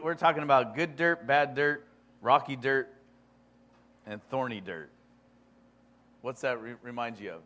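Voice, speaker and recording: A man preaching a sermon, reading scripture aloud in a conversational way that swings from quiet asides to loud emphasis. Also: mid-range voice. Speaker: pastor.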